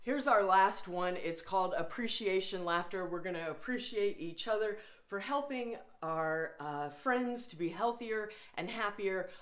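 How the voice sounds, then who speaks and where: Woman, laughter yoga teacher, cheerful and coaxing, slow unhurried delivery, echoey room. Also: medium pitch. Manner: cheerful, coaxing, bursts into loud laughs and howls. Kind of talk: guided laughter exercise class.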